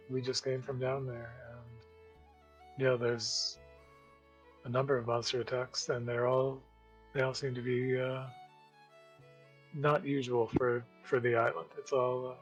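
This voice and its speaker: A man's voice: mid-range voice, little pitch movement, breathy edge, faint music behind, rough recording. A man playing a tabletop game, speaking in character hesitantly with restarts. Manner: hesitant, halting. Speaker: player.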